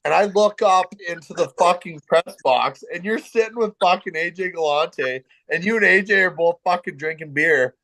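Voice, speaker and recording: A man's voice: high voice, moderate pace, hardly any pauses, bright, forceful tone, no room sound, rough recording. A man, a former pro hockey player, telling stories with heavy swearing and restarts in casual chat. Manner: profane, stumbling restarts, emphatic.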